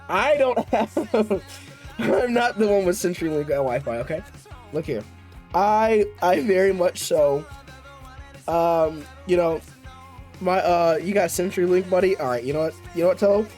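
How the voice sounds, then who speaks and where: High-voiced man bantering with chat. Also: lively intonation, moderate pace, darkish tone. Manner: playful trash talk, rambling with restarts. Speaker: streamer. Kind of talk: casual live-stream chat. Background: faint music.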